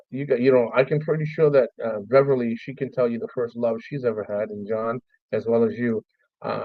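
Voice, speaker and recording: Halting, heartfelt man telling a story. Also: mid-range voice, no echo, dull audio. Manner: halting, repeats words, profane, heartfelt. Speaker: streamer host. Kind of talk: emotional personal storytelling.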